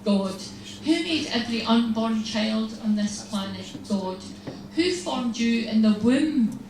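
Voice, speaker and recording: A religious sister giving a humorous, storytelling talk to an audience, acting out little exchanges. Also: female voice, a little high, expressive, slow pace. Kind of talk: lively faith talk to an audience. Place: large hall. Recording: echoey hall, distant mic, faint noise.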